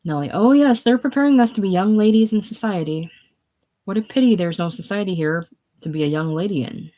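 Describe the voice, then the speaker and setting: A woman's voice: medium pitch, a little fast, close to an everyday voice. A woman reading a gushing, eager young girl. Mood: chatty. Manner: bright, chatty, effusive. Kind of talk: casual play reading.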